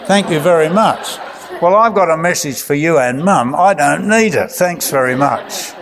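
A sulky, indignant little child, put on by a man telling a story, speaks a touch higher and louder, sarcastic and put out. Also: lively intonation, normal speed, a crowd in the background, close to an everyday voice.

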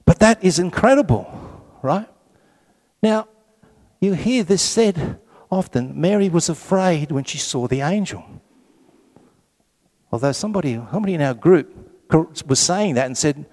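A man leading a Catholic Bible study group, reading passages slowly and adding joking asides. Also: on the high side. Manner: lively, joking asides, reads scripture slowly.

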